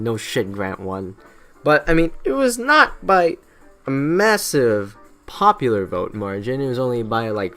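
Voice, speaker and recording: A young man rattles through a history lesson in a loose, profane, joking way. His pitch swings widely as he mocks the people he talks about. Faint music plays behind him. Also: a bit bright. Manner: irreverent, swears constantly, drops into mocking quoted voices. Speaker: history explainer. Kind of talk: casual profane history narration.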